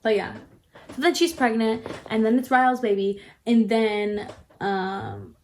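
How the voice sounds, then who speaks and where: A chatty woman with a slightly high voice gives a casual book review. She retells the plot in her own words and slips into the characters' lines as she goes. A faint hiss sits behind her. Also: animated, a little slow, a little mellow.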